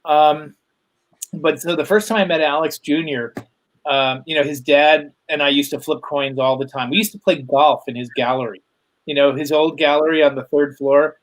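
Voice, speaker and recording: A man's voice: fairly high pitch, steady tone, normal speed, poor audio. A middle-aged man, a guest telling rambling anecdotes over a video call, with many fillers and laughs. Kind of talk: casual storytelling chat.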